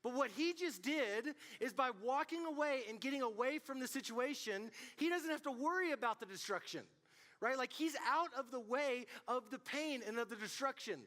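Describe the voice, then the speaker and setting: A man preaching to a student group as youth pastor, telling stories in an animated way and calling out to the room. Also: very high-pitched, moderate pace. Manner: animated storytelling, calls out to the audience. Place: church hall. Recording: long hall reverb.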